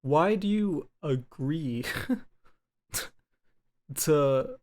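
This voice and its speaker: Streamer guy reacting slow and easy, kinda high voice. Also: expressive, darkish tone. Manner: laid-back, laughing asides.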